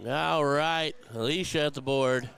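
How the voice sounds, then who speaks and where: A man's voice: fairly high pitch, steady tone, a little slow, gravelly, fairly bright tone, clear, resonant tone. A man hosting a live darts tournament stream, chatting and commentating in a heartfelt, emotional way.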